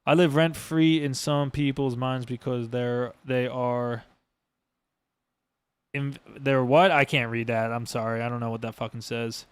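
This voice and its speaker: A man's voice: mid-range voice, flat delivery, measured pace, smooth, no echo. A man hosting a casual podcast monologue as a streamer, rambling and emphatic with lots of swearing. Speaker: streamer host.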